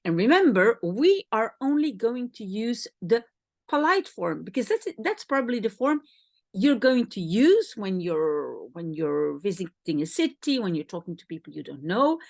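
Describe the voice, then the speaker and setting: A woman teaching a recorded language lesson in slow, carefully spaced explanations and repeating example phrases, with a Belgian Dutch accent, Dutch being her first language. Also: mid-range voice, big pitch swings, gravelly, darkish tone, no echo, studio quality.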